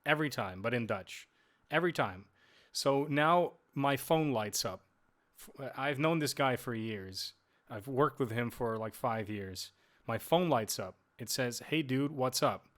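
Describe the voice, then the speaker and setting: A man's voice: medium pitch, animated, measured pace, fairly bright tone. A man co-hosting a podcast, chatting casually and ranting with lots of swearing and restarted sentences. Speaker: podcast co-host. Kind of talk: casual chat. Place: lives in Amsterdam.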